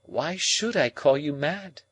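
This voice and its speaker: A man voicing a proud young woman who speaks in a calm, measured, reproachful way in an audiobook. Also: fairly high pitch, husky, voice pushed up, heavily acted. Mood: cool.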